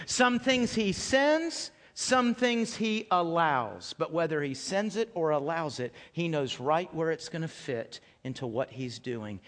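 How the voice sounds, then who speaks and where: Emphatic high-voiced pastor in a hall. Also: male voice. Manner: emphatic, swings between loud rising questions and low hushed lines. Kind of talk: sermon. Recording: long hall reverb.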